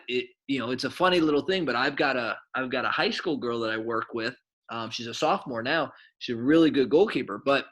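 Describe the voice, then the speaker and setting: Man, middle-aged, coach, casual storytelling, lively and rambling. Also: medium pitch. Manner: animated, rambling with many fillers. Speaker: soccer coach and former goalkeeper.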